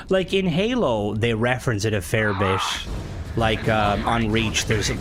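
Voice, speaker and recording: A man's voice: mid-range voice, very noisy. A man streaming a game, chatting casually in a rambling, sweary way that keeps breaking off and restarting. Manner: rambling, sweary, self-interrupting. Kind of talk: casual gaming stream chat.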